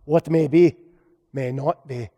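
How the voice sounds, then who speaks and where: Guy doing a jolly scotsman in a kilt, cheesy scottish accent, higher voice. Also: fairly even intonation, takes it slowly, dark tone, in a large hall. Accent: put-on Scottish. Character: jolly kilted Scotsman with bagpipe.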